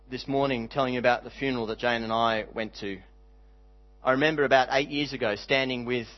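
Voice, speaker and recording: A man preaching a sermon as pastor, earnest, reading scripture aloud and slowing down to stress key words. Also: mid-range voice, highs cut off. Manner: earnest, slows for emphasis, reads scripture aloud.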